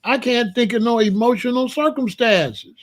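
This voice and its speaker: A middle-aged man talks casually on his livestream. His voice sits on the high side, and he is blunt, animated and colloquial as he keeps asking his chat for examples. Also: moderate pace. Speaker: livestream host.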